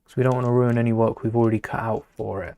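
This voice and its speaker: A man's voice: mid-range voice, flat delivery, fast talker, warm tone. A man talking casually to a live stream as he builds with LEGO, rambling, muttering to himself and greeting viewers in chat.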